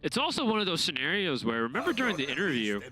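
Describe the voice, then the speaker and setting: A man's voice: fairly high pitch, wildly swooping pitch, fast talker, pushed and bright. A man casting a card game tournament, analytical with joking asides. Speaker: esports caster. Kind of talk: play-by-play commentary. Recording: music bed under commentary.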